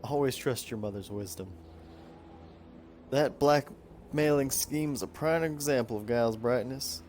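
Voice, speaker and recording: A man's voice: medium pitch, measured pace, a little mellow, a little hiss or hum, natural voice. A man voicing a wife reading her journal aloud in a put-on Southern US drawl, drawn out and mock-serious. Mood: mock-solemn.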